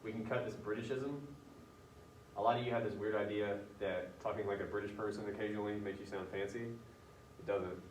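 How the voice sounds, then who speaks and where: A man's voice: lowish voice, fairly even intonation, fairly quick, a little hiss or hum. A male teacher running a casual writing lesson, thinking aloud as he edits a student paper. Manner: casual, chatty, thinking aloud while editing. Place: classroom. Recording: roomy classroom picked up from a distance.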